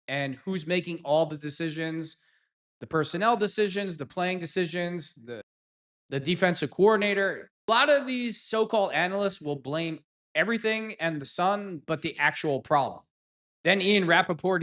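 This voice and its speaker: A man's voice: high voice, normal speed, fairly bright tone. A man hosting a fan reaction show, ranting heatedly and sarcastically at sports pundits. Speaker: sports commentary host.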